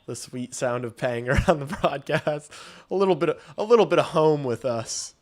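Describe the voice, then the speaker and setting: A man streaming a hockey game and calling the play-by-play, excitable and swearing casually, shouting on big plays. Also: on the high side, moderate pace. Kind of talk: live watch-along hockey commentary.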